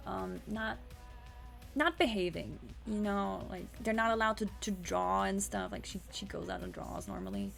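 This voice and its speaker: A woman's voice: medium pitch, normal speed, vocal fry, a bit bright, faint music behind. A woman streamer casually recapping a story, rambling with restarts and swearing.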